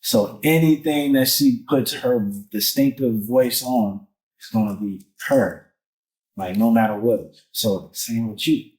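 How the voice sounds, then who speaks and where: A man appearing as a musician guest on a podcast, talking casually in animated street slang and swearing often. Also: medium pitch, slow pace, poor audio. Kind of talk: casual conversation.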